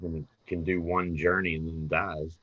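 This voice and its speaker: A man playing a tabletop game, asking curious, halting questions. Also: deep voice, level tone, dull audio. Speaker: player. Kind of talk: tabletop role-play questioning.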